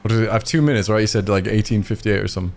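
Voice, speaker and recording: A British man hosting a gaming session with friends, excitable, laughing often and muttering at his own play. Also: on the low side, very fast. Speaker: gaming channel host. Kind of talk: casual gaming banter. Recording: game music behind voice chat.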